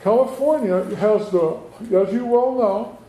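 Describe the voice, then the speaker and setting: A man's voice: sits high, unhurried, warm tone. A middle-aged man, a state assemblyman, giving a folksy town hall speech full of rhetorical questions to residents. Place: community meeting room. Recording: echoey room, faint background noise.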